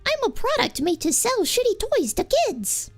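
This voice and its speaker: A woman doing an impression of a goofy, clumsy male amphibian alien in a high, gurgly put-on voice. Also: very animated, moderate pace, faint music behind, full character voice.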